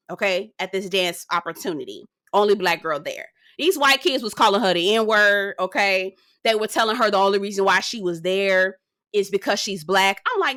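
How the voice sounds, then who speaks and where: A woman's voice: medium pitch, pushed and bright, dry recording. A young adult woman hosting a gossip recap, talking straight to her viewers in a sassy, hollering rant. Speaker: gossip commentary host. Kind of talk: ranting recap commentary.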